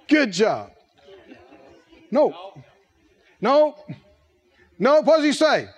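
Older male preacher, high lively voice, roomy hall reverb, playful delivery. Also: very slow, pauses often. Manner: animated, playful, laughs often. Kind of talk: sermon.

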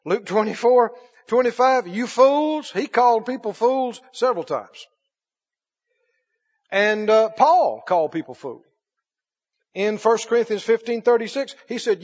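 Husky preacher guy, high voice all over the place, loud then quiet, dull echoey church sound. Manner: emphatic, swinging from loud to hushed. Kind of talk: sermon. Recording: dull echoey hall recording.

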